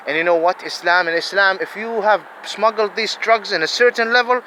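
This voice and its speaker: A man's voice: sits high, fairly quick, few pauses, sharp tone, a little hiss or hum, low-quality recording. A man, giving an angry, profane monologue full of repeated, emphatic questions. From Saudi Arabia.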